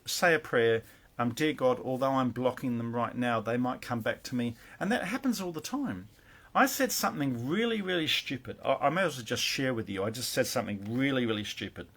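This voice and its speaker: A man's voice: medium pitch, fairly bright tone. Earnest rambling man giving advice. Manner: rambling, earnest, many fillers and restarts. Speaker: spiritual teacher. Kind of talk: casual advice monologue.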